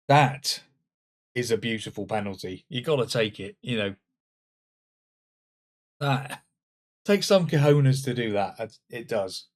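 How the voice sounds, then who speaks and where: A man commenting on his own football management game, swinging between loud exclamations and muttered asides. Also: medium pitch. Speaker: gaming channel host. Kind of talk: let's-play commentary.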